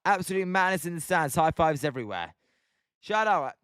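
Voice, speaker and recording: Young British male streamer, high and bright register, clean dry close-mic sound, casual self-deprecating chat. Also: expressive, normal speed, clean tone, no echo. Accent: British English. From Britain. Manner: chatty, self-mocking, reads chat aloud. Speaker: livestream host watching baseball.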